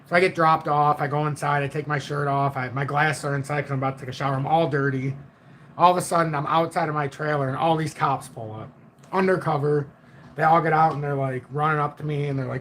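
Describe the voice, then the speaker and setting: A man's voice: on the high side, brisk, slight background noise. Blunt, profane man telling a story. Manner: blunt and profane, animated retelling. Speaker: livestream host. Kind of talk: casual livestream storytelling.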